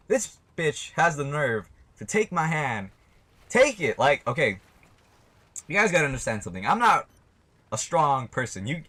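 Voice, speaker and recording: A man's voice: mid-range voice, a bit bright. A young man telling a story to his camera in a casual, rambling way, swearing often and speaking bluntly. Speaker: vlogger.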